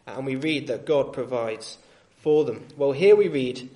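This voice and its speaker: A male street preacher giving a sermon in a gentle, reasoning tone, with frequent fillers and restarts. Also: medium pitch, animated, unhurried.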